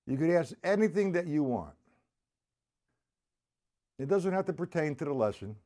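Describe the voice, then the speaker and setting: During a laid-back live drum lesson, a teacher chats with his audience and reads out their comments, drumming between exercises. He's very animated, with a somewhat high, dark-toned voice at normal speed.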